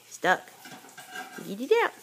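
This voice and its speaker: A woman's voice: unhurried, noisy background. A mother in a home video, talking to her toddler in sing-song, coaxing baby talk.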